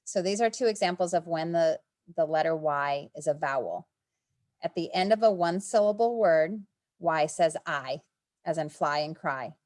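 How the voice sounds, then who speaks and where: A first grade teacher presenting spelling rules in an online meeting, explaining step by step with fillers. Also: female voice, on the low side, expressive, normal speed, darkish tone.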